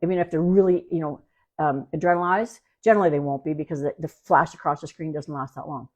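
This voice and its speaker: A woman's voice: sits low, steady tone, quick pace, darkish tone, muffled recording. A woman dog trainer answering listener questions in a casual podcast, plainspoken and repetitive on key points. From Canada. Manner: plainspoken, repeats key points, acts out dog and owner lines.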